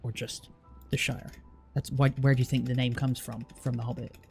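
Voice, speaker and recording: Gravelly English man chatting on stream. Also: medium pitch, level tone, darkish tone, soft background music. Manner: chatty, blunt, teasing, drawn-out fillers. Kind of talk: casual live-stream chat with viewers.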